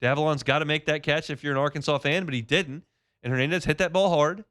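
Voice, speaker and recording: Male sports radio host, smooth clear tone, loose conversational delivery. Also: a little high, steady tone, fast talker, fairly bright tone. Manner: conversational, repeats himself, frequent fillers. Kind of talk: casual sports talk and live ad reads.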